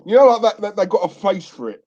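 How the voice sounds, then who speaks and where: A man's voice: high voice, sing-song, fast, a little mellow, highs cut off. A man co-hosting a live stream, chatting casually and laughing often. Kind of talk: casual chat.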